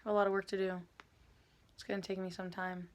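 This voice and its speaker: A woman's voice: mid-range voice, flat delivery, fast. A woman vlogging casually at home, calling to her cat in sing-song, coaxing baby talk.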